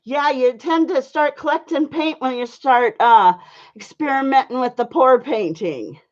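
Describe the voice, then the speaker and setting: A woman's voice: sits high, unhurried. A woman chatting casually with her viewers while she paints on a live stream, greeting them by name and talking in loose, friendly sentences full of fillers. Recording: dull lo-fi stream audio.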